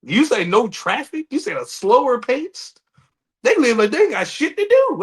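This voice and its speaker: A man's voice: very high voice, very animated, normal speed, breathy edge. A man with a DC-area accent, co-hosting a podcast in casual, profane chat and acting out other people's voices. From Washington DC area. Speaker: podcast co-host.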